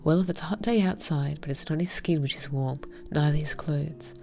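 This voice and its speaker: A woman reading a visual novel aloud and commenting on it, in a soft, half-whispered, heartfelt way. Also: low-pitched, normal speed, gravelly. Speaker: game reviewer.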